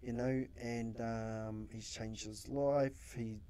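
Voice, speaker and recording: A man recounts stories from his social work in a casual interview. He has a warm, mellow voice at an ordinary pitch and acts out his own quotes, swearing freely. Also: fairly even intonation, slow pace, clear, resonant tone. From New Zealand. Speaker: social worker guest.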